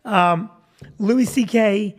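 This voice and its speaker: A man's voice: high-pitched, drawn-out words. A middle-aged man hosting a chat show as a comedian, telling stories in a joking, self-deprecating way. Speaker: comedian and host.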